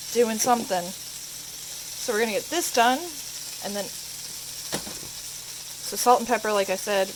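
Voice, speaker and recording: A woman with a mid-range voice narrates a casual cooking vlog from her home kitchen, filmed on a handheld camera with a faint sizzle and slight background noise in a low-quality recording. She's a chatty home cook, rambling and self-mocking with plenty of asides.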